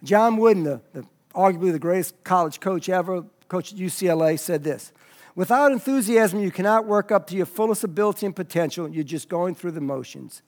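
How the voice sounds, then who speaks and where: A man preaching a sermon as pastor, moving from soft, low asides to loud, emphatic passages. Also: expressive, fairly quick.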